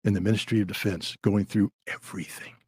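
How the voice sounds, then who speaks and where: A man's voice: lowish voice, fairly even intonation, fast, a little mellow, slightly rough, no echo, studio quality. A man in his sixties, a former weapons inspector and podcast guest, telling a story bluntly and acting out the dialogue. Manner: blunt, vivid retelling with dialogue.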